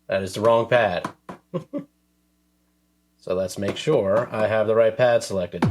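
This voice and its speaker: A man casually explaining how he arranges a track on a music sampler, relaxed and full of fillers like "um" and "uh". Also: fairly low pitch, slow. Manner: relaxed, filler-heavy, self-deprecating. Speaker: music producer demonstrating a track. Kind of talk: casual tutorial talk.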